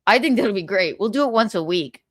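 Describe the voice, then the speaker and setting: A woman's voice: mid-range voice, animated, brisk, no echo, studio quality. A young woman hosting a livestream, chatting casually, reading viewer comments and laughing often. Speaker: livestream host.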